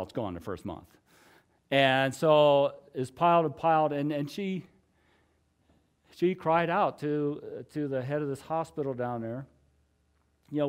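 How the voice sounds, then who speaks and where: A middle-aged man with a medium-pitched voice preaches a conversational sermon, sharing his personal testimony. He's earnest and chatty, with lots of filler words and soft laughter.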